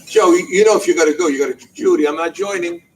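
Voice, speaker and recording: A man's voice: high-pitched, fast talker, a little mellow, recorded from a distance, low-quality recording. A man from New Jersey giving a humorous personal storytelling speech at a banquet, chuckling often and acting out the lines of the people in his story. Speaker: banquet speaker. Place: banquet hall.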